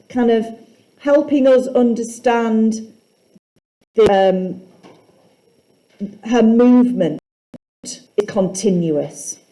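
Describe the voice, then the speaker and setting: Slow, mellow-voiced woman teacher. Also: fairly high pitch. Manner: questioning, reading lines aloud slowly. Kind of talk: classroom poetry lesson.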